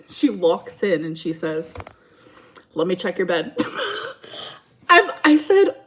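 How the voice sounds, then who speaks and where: A woman's voice: medium pitch, very animated, slow pace, long pauses. Chatty woman telling a livestream story. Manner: chatty, rambling, reads chat aloud. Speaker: streamer. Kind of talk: casual livestream story time. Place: at home.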